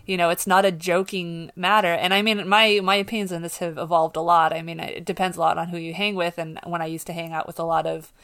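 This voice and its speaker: A young woman co-hosting a casual podcast book discussion, chatty and animated, often restarting sentences and acting out quotes. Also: on the low side, quick pace, few pauses. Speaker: podcast co-host.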